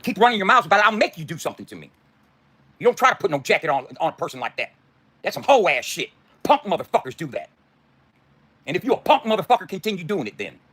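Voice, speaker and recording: A man's voice: on the high side, sing-song, fast talker, pauses often, a bit bright, breathy edge. A middle-aged man delivering a heated, profane, confrontational livestream rant.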